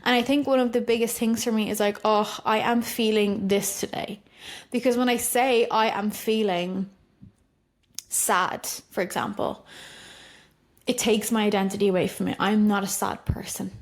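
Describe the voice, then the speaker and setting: A woman's voice: medium pitch, fairly even intonation, moderate pace. Reflective woman hosting a podcast. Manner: reflective, conversational, gentle self-disclosure. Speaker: podcast host. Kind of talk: solo podcast monologue.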